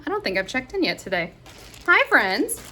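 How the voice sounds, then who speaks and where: A woman vlogger chatting casually to her viewers in a gushing, excitable way, often gasping. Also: medium pitch, very fast. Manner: gushing and excitable, with frequent gasps. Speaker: crafting vlogger. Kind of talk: casual vlog chat.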